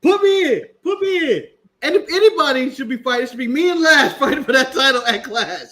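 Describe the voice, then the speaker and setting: A man's voice: very high-pitched, expressive, brisk, fairly bright tone. A man with an American accent playing a furious woman wrestler, ranting at her boss in a profane, indignant tirade.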